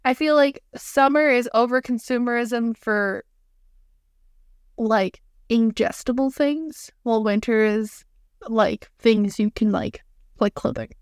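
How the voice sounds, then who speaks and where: A young woman co-hosting a podcast in casual chat, animated and quick to act out little quoted lines. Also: on the high side, clean tone, no echo, studio quality. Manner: chatty, animated, quotes herself in voices. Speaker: podcast co-host.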